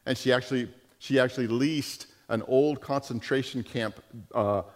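A man preaching a sermon and telling stories, animated and full of restarts and repeated words. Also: mid-range voice, moderate pace. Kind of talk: sermon with storytelling. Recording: long hall reverb.

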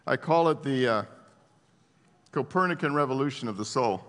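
A man preaching a sermon who swings his pitch and volume widely, questions his listeners and laughs at his own asides. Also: brisk, fairly bright tone. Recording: long hall reverb.

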